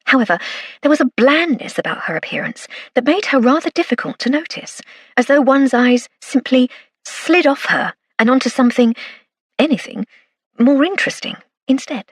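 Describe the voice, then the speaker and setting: A woman's voice: high voice, expressive, normal speed, husky, dry recording. A woman narrating a first-person cozy mystery audiobook with arch, dry wit. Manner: arch, dryly witty.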